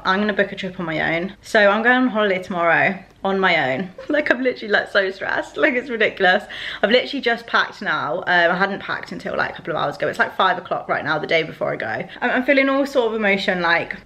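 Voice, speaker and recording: A woman's voice: mid-range voice, lively intonation, quick pace, pushed and bright. A young woman vlogging to camera at home, talking in a chatty, rambling way full of "like" fillers. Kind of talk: casual to-camera vlog. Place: at home indoors.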